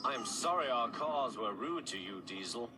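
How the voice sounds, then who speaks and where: A man voicing a steady, dignified little male tank engine, speaking gravely and calmly over loud music. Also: medium pitch, normal speed, close to an everyday voice. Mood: apologetic. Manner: grave and calm.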